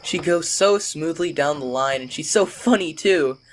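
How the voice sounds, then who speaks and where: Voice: mid-range voice, moderate pace, lightly acted. A narrator voicing a small, hardworking boy engine who grumbles and gets cross easily. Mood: friendly. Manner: whiny, grumbling.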